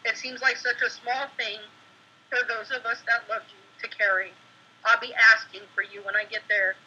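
A woman's voice: a little high, fairly even intonation, normal speed, bright, forceful tone, slightly rough, muffled recording. A woman from California, emotional and crying as she reads a personal tribute and then chats on a podcast from home. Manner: emotional, tearful storyteller. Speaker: podcast co-host. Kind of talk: reading a personal tribute, then casual chat. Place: home, at a computer with dogs nearby. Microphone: computer mic.

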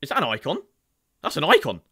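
A man joining a gaming video as a guest, chatting casually and excitedly with lots of laughter. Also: on the high side, quick pace. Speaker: guest gamer.

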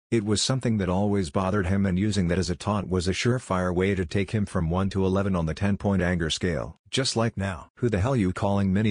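A man narrating a fan fiction story in a steady, even reading voice. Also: sits low, no room sound, clean studio sound.

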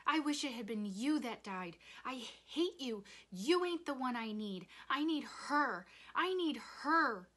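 A woman voicing a grieving boy who shouts and pleads in a storybook reading. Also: sits high, lively intonation, measured pace, hardly any pauses, pitched above the performer's own voice, exaggerated voice. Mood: furious. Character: boy, grieving, furious at his father.

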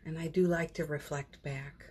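A woman's voice: deep voice, steady tone, normal speed, a little mellow, slightly rough. A woman hosting a daily live stream from her phone at home, chatting casually about spiritual matters, laughing often and trailing off mid-sentence.

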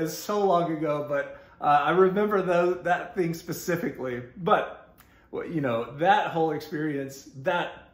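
A man with a Texan accent tells a story from his youth in a loose, rambling way. He stumbles through fillers and restarts and laughs as he goes. His voice rings a little in an echoey room. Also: a little high. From Texas. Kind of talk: casual storytelling.

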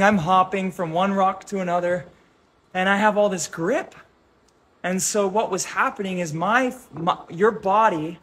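A man, a holistic health coach, talking casually to a group and telling an animated story, acting out voices and gestures. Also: sits high, a little hiss or hum.

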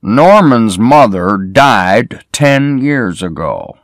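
A steady middle-aged sheriff asks his questions one by one, as a male narrator voices him. The pace is slow and measured, the pitch moves a lot, and the recording is dry. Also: dry recording, full character voice. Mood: questioning.

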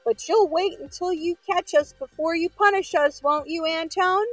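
A woman's voice: on the high side, expressive, unhurried, a bit bright, no echo, soft background music, heavily acted. A woman voicing a chorus of mocking garden vegetables, taunting in a storybook reading.

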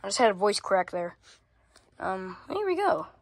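A woman's voice: mid-range voice, sing-song, normal speed, vocal fry, no echo. A woman casually narrating a home vlog while fumbling with gear and cursing often, recorded on a phone. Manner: rambling, swears a lot, fumbles with gear. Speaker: fan collector vlogger. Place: home room. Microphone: phone camera. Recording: phone video with loud fan noise behind.

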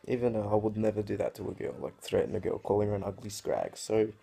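A man's voice: fairly low pitch, quick pace, gravelly, mellow, slightly rough. A teenage man, ranting casually to camera in a sweary, rambling way. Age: teens. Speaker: vlogger.

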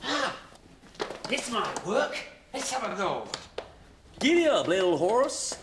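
A man voicing a swaggering, folksy cowboy in a children's show, with a slow drawl. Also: high-pitched, very animated, very noisy, exaggerated voice. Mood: jaunty.

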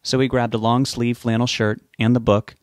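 A man narrating a novel in a steady, measured reading voice. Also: mid-range voice, no echo, studio quality. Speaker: audiobook narrator.

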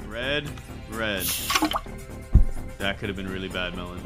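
A man giving frantic, excitable, self-mocking commentary as he plays a game. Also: deep voice, a little slow. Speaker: gamer. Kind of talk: let's play commentary. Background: loud game music.

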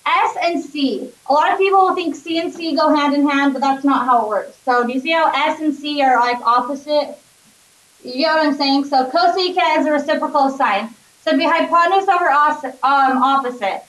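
A woman's voice: high voice, fairly quick, a bit bright. A woman math teacher giving a classroom lecture, upbeat and often checking in with her students. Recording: echoey classroom, voice from a distance.

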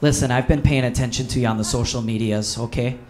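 A man's voice: medium pitch, fairly even intonation, quick pace, a little mellow, voice pushed down, natural voice. A man voicing an overconfident, long-winded small-town uncle with a folksy Wisconsin accent. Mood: eager.

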